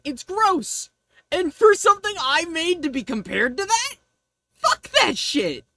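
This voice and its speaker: A woman's voice: sits high, slow pace, long pauses, dry recording. A woman streamer chatting casually on a livestream, ranting and swearing freely. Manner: ranting, profane, animated.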